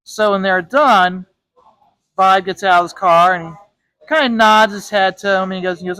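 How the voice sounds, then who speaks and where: A comic artist spins a story while he draws, stumbling over restarts and repeating himself as he goes. His voice sits high for a man. It is recorded dry and close, with no room echo. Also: fairly even intonation, normal speed, pushed and bright, clean tone. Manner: rambling, with frequent restarts and repeated words. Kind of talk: casual storytelling while drawing.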